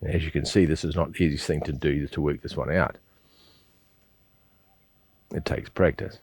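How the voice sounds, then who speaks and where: A man with a very low, deep voice guides students through a slow breathing exercise. He coaches patiently and repeats himself, often checking in with a quick "yeah?". The sound is dry and close, with no room echo. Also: fairly even intonation, a little mellow, husky. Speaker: qigong teacher.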